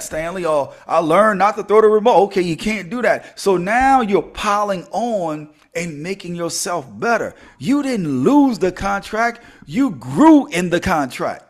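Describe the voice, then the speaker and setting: A middle-aged man leads a motivational podcast in a high, lively voice. He preaches, then jokes and calls out straight to his listeners. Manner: animated, preachy, joking with listeners. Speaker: podcast host.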